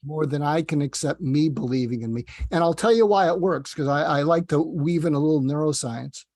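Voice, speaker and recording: A man's voice: on the high side, fairly quick, a little mellow, no room sound. A man speaking as a psychiatrist guest on an interview, rambling and self-deprecating, telling stories with asides. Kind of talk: casual interview talk.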